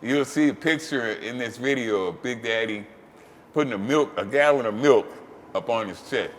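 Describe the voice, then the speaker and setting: A man hosting, telling a story casually, swearing freely and breaking into loud, animated outbursts. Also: mid-range voice, normal speed, big-room sound, a little hiss or hum. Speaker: host.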